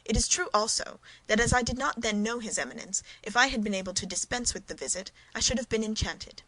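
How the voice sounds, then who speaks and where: A woman's voice: a little high, brisk, bright, forceful tone, low-quality recording. A woman reading the part of a self-important, cowardly middle-aged mercer in a storybook reading, speaking emphatically. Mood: pompous.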